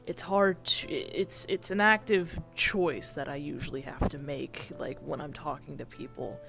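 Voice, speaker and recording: A man plays a grey-haired, irritable young man in voice role-play within a virtual world, sounding exasperated. His medium-pitched, creaky voice is flat and moderately paced over soft background music. The character sighs, swears a lot, and tries for formal speech but lets a drawl slip through.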